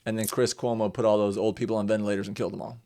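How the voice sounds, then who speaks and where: A young man hosting a podcast in casual chat, animated and swearing freely, acting out quotes in raised voices. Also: on the low side, racing. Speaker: podcast host.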